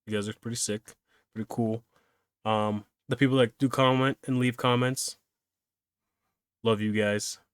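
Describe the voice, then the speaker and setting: Young man, solo podcast host, rambling chatty talk, quick to laugh at himself, dry close sound. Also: medium pitch, steady tone, clear, resonant tone, dry recording. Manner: rambling, self-deprecating, laughs easily.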